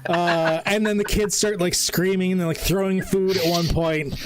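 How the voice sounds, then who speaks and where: A man's voice: sits high, steady tone, moderate pace, noisy background. A man narrating a tabletop game as game master, rambling with plenty of fillers. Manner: rambling, laughs often, lots of fillers.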